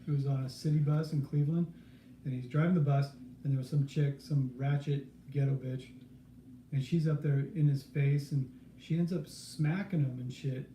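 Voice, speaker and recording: A man on a live stream telling a lively story, swearing freely and acting out the people in it. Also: on the high side, normal speed. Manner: animated anecdote teller, profane, acts out quoted voices. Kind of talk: casual storytelling. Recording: roomy, faint background noise.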